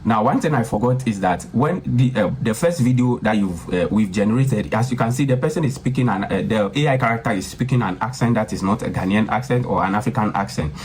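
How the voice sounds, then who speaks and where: A man with a lowish voice hosting a screen-recorded tutorial. He talks casually, repeats himself and keeps calling his viewers guys. Faint noise sits behind him. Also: quick pace, few pauses, a little mellow. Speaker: tutorial host.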